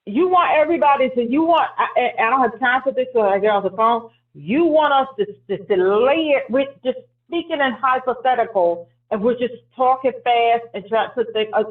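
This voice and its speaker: Caller: frustrated man, stammers, very high voice, tinny phone audio. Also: brisk, few pauses. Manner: frustrated, stammering, restarts often. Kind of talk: heated call-in debate.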